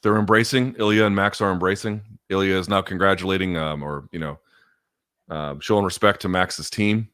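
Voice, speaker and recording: A man hosting a live fight watchalong, going from loud excited outbursts to quiet, emotional reflection, with plenty of swearing. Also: low-pitched, a little fast, clear, resonant tone. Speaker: host. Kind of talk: live fight reaction commentary.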